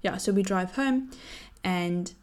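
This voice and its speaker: A woman, telling a personal story to camera in a chatty, animated way and laughing often. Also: medium pitch, slow pace. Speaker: vlogger.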